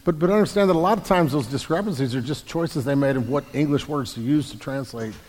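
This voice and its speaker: A man's voice: a little high, fast, darkish tone. A man, a pastor, answering congregation questions about the Bible in an explanatory way, often restarting and repeating words. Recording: long hall reverb.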